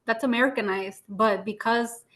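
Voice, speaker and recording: A woman's voice: fairly high pitch, steady tone, normal speed, a bit bright. A woman in casual chat, laughing often and telling anecdotes with fillers and Spanish words.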